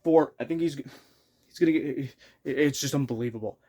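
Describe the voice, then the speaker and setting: A man's voice: mid-range voice, moderate pace, warm tone. A young man giving an unscripted, rambling sports rant, exasperated and full of restarts and outbursts. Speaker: hockey fan ranting on his channel.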